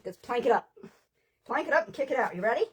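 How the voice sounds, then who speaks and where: A woman leading a live ab workout, counting reps out loud with energy and chatting between sets. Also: fairly high pitch, animated, fast talker, slight background noise. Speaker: fitness instructor. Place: at work, on the floor.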